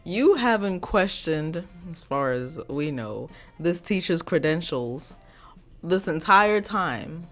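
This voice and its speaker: A woman's voice: fairly low pitch, lively intonation, takes it slowly, soft background music. A woman hosting reaction commentary, blunt and sarcastic as she talks straight at the viewer. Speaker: commentary host.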